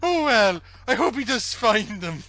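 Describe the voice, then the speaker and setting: A man's voice: high voice, sing-song, measured pace, pushed and bright, no echo, pitched above the performer's own voice, exaggerated voice, poor audio. A man putting on a lilting Welsh villager. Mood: folksy. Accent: Welsh, put on. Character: quaint old-fashioned Welsh villager, cheerful and folksy.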